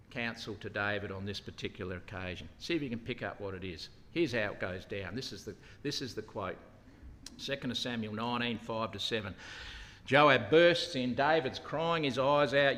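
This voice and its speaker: A man preaching a sermon, animated, acting out the lines of the people in the story with a raised voice. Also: mid-range voice. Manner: animated, acts out quotes with raised voice. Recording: long hall reverb.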